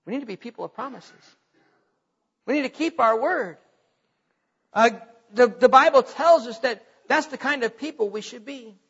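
A pastor, a man, preaches a sermon in a high, bright voice. He talks to his congregation in a conversational way and grows forceful when he retells scripture. The recording is muffled and lo-fi, with a long reverb from the church hall. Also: normal speed, long pauses, husky.

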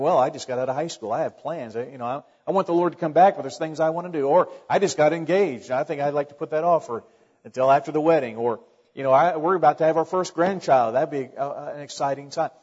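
A man's voice: mid-range voice, darkish tone. A man pastor preaching a sermon, swelling in volume at key phrases and dropping into dry asides. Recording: dull sound with long hall reverb.

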